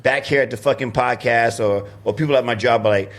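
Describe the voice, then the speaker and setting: Brief: male podcast co-host, animated storyteller, mid pitch, acts out quotes. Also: fairly quick. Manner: animated storytelling, lots of laughter and acted-out quotes. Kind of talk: casual chat.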